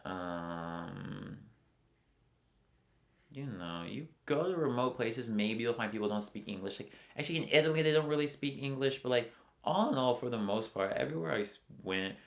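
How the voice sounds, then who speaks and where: A man's voice: fairly low pitch, animated, normal speed, vocal fry. An American man talking casually in an interview, rambling and filling his speech with "like" all the time. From United States. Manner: rambling, fills with "like" constantly. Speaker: interviewee, traveler.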